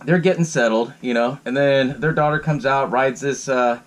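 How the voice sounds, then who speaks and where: A man with a mid-range voice and moderate pace hosts his own podcast, giving a casual, rambling solo recap of a horror film. He swears freely and laughs between sentences.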